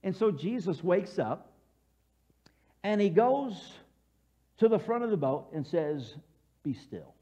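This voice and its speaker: A man's voice: sits high, animated, slow, pauses often, mellow. A man preaching a sermon as pastor, telling scenes vividly and acting out voices, leading the congregation to repeat lines back. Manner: leads congregation call-and-response. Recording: dull lo-fi church broadcast audio.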